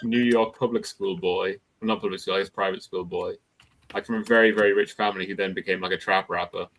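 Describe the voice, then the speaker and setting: A man's voice: low-pitched, fairly even intonation, quick pace, fairly bright tone, low-quality recording. A man on a podcast panel over a video call, speaking thoughtfully and correcting himself as he goes. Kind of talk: casual panel chat.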